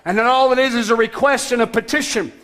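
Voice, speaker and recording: A man preaching a sermon as pastor, emphatic, with shouted calls to action and sudden soft, low passages. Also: fairly even intonation, fast.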